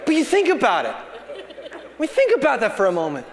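A man's voice: very high voice, huge pitch swings, a little fast, a crowd in the background. A pastor in his thirties preaching a sermon, building to emphatic bursts and telling family stories. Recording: long hall reverb.

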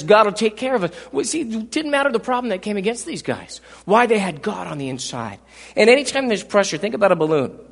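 A man preaching a fervent sermon as pastor, swinging from loud emphatic peaks to low asides and repeating words as he builds a point. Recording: live sermon with long hall reverb.

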